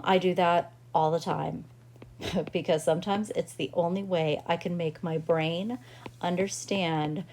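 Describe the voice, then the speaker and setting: Slow, patient woman teaching music. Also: on the low side, darkish tone, slight background noise. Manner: patient, reassuring, counts rhythms aloud. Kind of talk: classroom-style music lesson.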